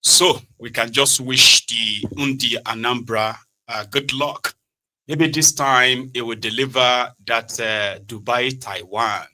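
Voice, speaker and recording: A man hosts a political livestream in a very bright, sharp voice at an average pitch. He chats loosely with his viewers and slips in sardonic asides. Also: poor audio. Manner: chatty, sardonic, asks viewers to check things. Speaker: host of online political broadcast. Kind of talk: casual political commentary.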